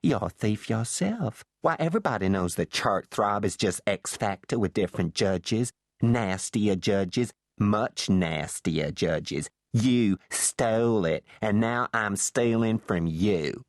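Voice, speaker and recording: A man's voice: lowish voice, lively intonation, no room sound, clean studio sound. Man doing a purring Southern bombshell woman. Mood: purring scornful. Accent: Southern American. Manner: purring, slow, teasing. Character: sultry Southern American bombshell wife, scheming, purring.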